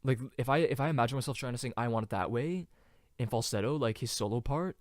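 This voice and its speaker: A young man hosting a casual solo podcast, rambling with many fillers and now and then trying out falsetto singing. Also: quick pace, dry recording, studio quality. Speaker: podcast host.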